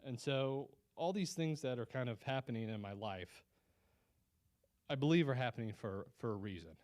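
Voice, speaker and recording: A man's voice: medium pitch, normal speed, a little mellow. Man, guest speaker, personal testimony, earnest, conversational, mid-range voice, restarts often. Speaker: guest speaker at a Christian business lunch.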